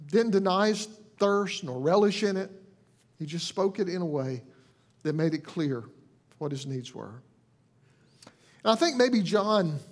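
Earnest, gently preaching man with a high voice. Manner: earnest, gentle, with frequent restarts and soft quoted lines. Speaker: pastor. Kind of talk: conversational sermon.

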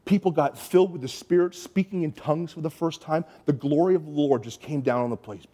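Canadian-raised male pastor, lively sermon storyteller, acts out each quoted voice. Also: a little high, a little fast, slight background noise.

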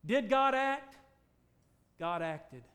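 High-voiced emphatic male preacher. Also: animated, drawn-out words. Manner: emphatic, rhetorical questions, big swings in loudness. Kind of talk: sermon.

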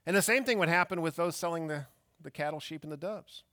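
A man's voice: on the high side, quick pace, fairly bright tone, no echo. Emphatic guy preaching a sermon, rhetorical questions, dead dry sound. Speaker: pastor.

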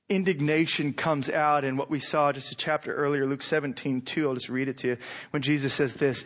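High-voiced man preaching a sermon. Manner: animated preaching, voices imagined lines with rising intensity. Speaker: pastor.

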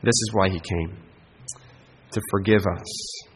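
A man's voice: deep voice, fairly even intonation, slow pace, long reverb tail, slight background noise, low-quality recording. A man preaching a sermon as pastor, earnest and emphatic, often checking in with the congregation with a rhetorical "right?".

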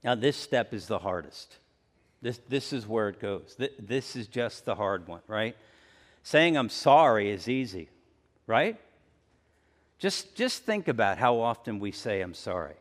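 A male pastor preaching a conversational sermon, acting out everyday apologies in lively asides. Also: fairly low pitch, unhurried, long reverb tail. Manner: conversational, acts out everyday apologies with rising energy.

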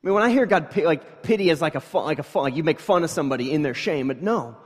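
Preacher with echoing hall reverb. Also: male voice, fairly high pitch, lively intonation, fast, husky. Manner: swings from quiet reading to loud emphatic preaching; conversational, with fillers and restarts. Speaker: pastor. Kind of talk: sermon.

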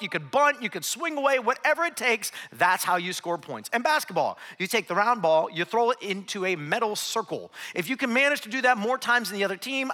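A middle-aged man preaching a sermon, telling humorous stories and tossing asides to the congregation. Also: very high-pitched. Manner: humorous, animated storytelling with crowd asides. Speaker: pastor. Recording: long reverb of a large hall.

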